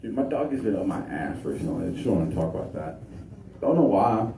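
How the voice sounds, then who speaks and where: A man's voice: sits low, sing-song, fast, creaky. A young man doing a crude, profane stand-up set with crowd work, recorded from a distance in a noisy, echoey small venue. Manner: crude, profane, laid-back delivery. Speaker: stand-up comedian.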